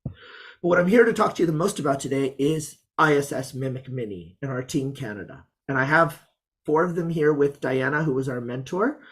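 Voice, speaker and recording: Chatty, upbeat teacher presenting. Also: medium pitch. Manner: chatty, upbeat and enthusiastic, with asides. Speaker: college teacher presenting a student project. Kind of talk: online presentation talk. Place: Montreal.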